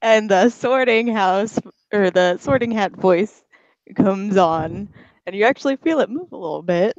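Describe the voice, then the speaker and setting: Playful slow-talking male player. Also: high-pitched, no echo, muffled recording. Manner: playful, joking.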